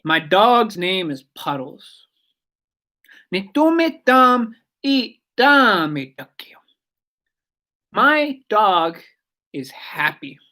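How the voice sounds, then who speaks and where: A woman giving a casual radio language lesson, chatty and digressive, repeating words slowly for learners. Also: on the low side, big pitch swings, a bit bright.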